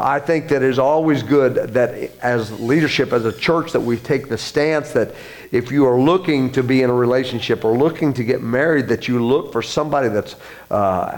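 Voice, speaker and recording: A man preaching as a church pastor, earnest, with frequent fillers and restarts, his voice rising higher as he presses a point. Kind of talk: sermon.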